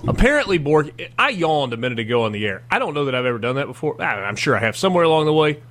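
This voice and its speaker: A man, hosting a sports radio show in a chatty, self-deprecating way that turns animated when he jokes. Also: on the high side, racing, faint music behind. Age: 40s. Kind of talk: casual sports radio talk.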